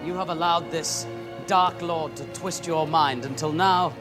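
A man's voice: a little high, fairly even intonation, measured pace, natural voice. An actor playing a grieving, stern Jedi master who pleads with his fallen friend in a film clip. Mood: anguished. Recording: film clip with loud music.

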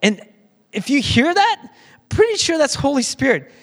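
A man's voice: extremely high pitch, sing-song, moderate pace, fairly bright tone. A man preaching a conversational sermon as pastor, with frequent restarts, in a church sanctuary. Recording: long church hall reverb.

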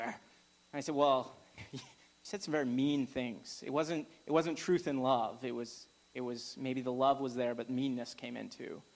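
A man delivering a sermon in a relaxed, conversational way, often pausing on an "uh" and restarting a phrase. His voice sits at an ordinary middle pitch, and he lifts it when he reads scripture aloud. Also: poor audio. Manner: conversational preaching with frequent fillers and restarts. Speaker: pastor.

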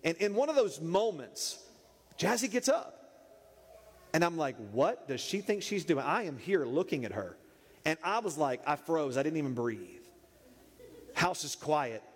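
A man preaching, telling a funny story in an animated, playful way. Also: fairly high pitch, measured pace, long pauses. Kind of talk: humorous sermon storytelling. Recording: echoey hall reverb.

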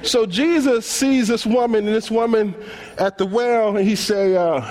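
A man's voice: sits high, normal speed. A man preaching a sermon in African American English, acting out the dialogue in casual slang as he tells stories. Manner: animated storytelling, acts out dialogue in casual slang. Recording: long hall reverb.

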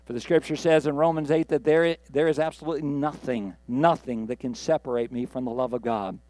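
A man's voice: medium pitch, fairly even intonation, fairly quick, darkish tone, dry recording. A man preaching a sermon from the pulpit, reading scripture and building earnestly to emphatic peaks. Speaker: pastor.

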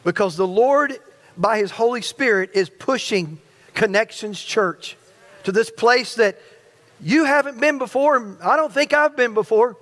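A pastor delivering a sermon in a high-pitched male voice. He talks straight to the congregation as a stirring preacher. His phrases often double back and start again. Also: unhurried, fairly bright tone. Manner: stirring preacher who addresses the congregation directly; repeats and restarts phrases.

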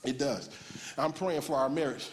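A man preaching a lively sermon as pastor, with call-and-response shouts and laughter. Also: mid-range voice, normal speed. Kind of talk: animated sermon. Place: church sanctuary. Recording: church hall reverb.

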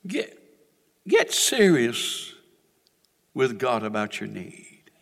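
A man preaching a sermon in a dramatic way, dropping to quiet asides and rising to shouted exhortations, recorded with a long hall reverb in a church. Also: medium pitch, huge pitch swings, very slow, vocal fry.

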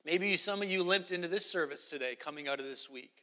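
A man's voice: a little high, fast, sharp tone, in a large hall. A man preaching a sermon as pastor, emphatic and repeating key phrases.

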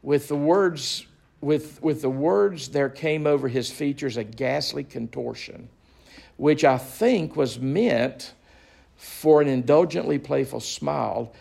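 A man's voice: fairly high pitch, slow pace, creaky, darkish tone, breathy edge. A man, a pastor, reading passages from a book aloud and stopping to explain them, giving the quoted lines a theatrical touch. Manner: reads quoted lines in a theatrical voice, then explains in plain talk. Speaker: pastor leading a book study.

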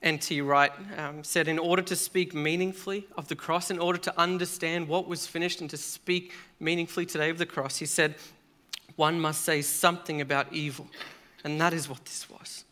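Male preacher, fairly high, bright, earnest sermon delivery with weighty pauses.

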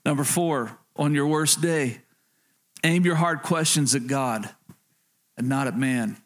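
A man's voice: mid-range voice, slow pace. A man preaching a sermon as a pastor in a church, talking straight to the listeners, asking "can I tell you" and repeating his key phrases.

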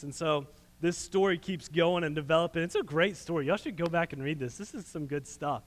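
A man preaching a sermon, retelling a story in an animated, folksy way. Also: on the high side, a little fast, in a large hall.

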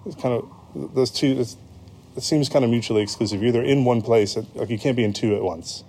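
Mellow-voiced American man preaching. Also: medium pitch, brisk, slightly rough. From United States. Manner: conversational, with frequent ums and self-corrections. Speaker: pastor. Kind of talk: sermon.

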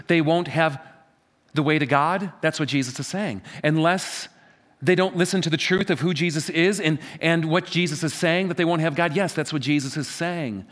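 A man preaching a sermon from a church stage, emphatic and repetitive, swinging between loud stresses and quiet asides. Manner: emphatic, repeats phrases, wide swings in pitch and loudness. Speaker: pastor.

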